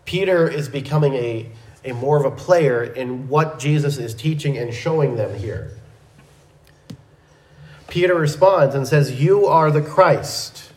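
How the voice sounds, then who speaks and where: A man teaching a verse-by-verse Bible lesson in a measured, methodical way, with small restarts. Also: medium pitch, expressive, a little mellow, reverberant, low-quality recording.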